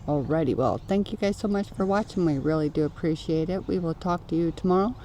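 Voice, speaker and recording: A woman's voice: low voice, brisk, mellow, a little hiss or hum. A woman co-hosting a vlog, mostly giving short agreeing replies before a cheerful sign-off. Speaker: vlog co-host. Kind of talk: casual chat.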